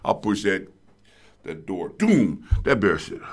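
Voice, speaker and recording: A middle-aged man telling a story as a guest in casual chat, excitable and halting, acting out voices and sounds. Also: sits low, vocal fry, slightly rough.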